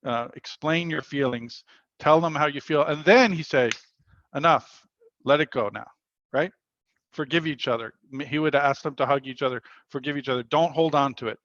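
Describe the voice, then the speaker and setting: A man's voice: a little high, normal speed, fairly bright tone, dry recording, highs cut off. A man leading a spiritual workshop over a video call, telling a story earnestly and quoting the people in it. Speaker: workshop leader.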